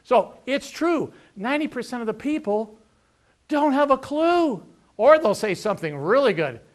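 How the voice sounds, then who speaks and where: A middle-aged man giving an energetic career workshop talk, acting out dialogues and punchy sayings. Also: very high-pitched, normal speed. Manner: energetic, lively, acts out dialogues. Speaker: veterans' employment representative.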